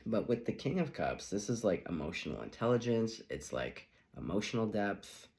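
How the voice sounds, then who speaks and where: A man with a lowish voice gives a tarot reading in a relaxed, chatty way. His pitch swoops around a lot, and he slips into playful little acted reactions as he talks through each card. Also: moderate pace, gravelly. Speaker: tarot reader.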